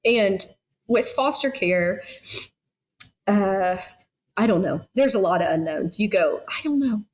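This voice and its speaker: A woman's voice: medium pitch, slow pace. A woman in her thirties talking as a foster parent guest in a heartfelt podcast conversation, earnest and emotional, with many fillers.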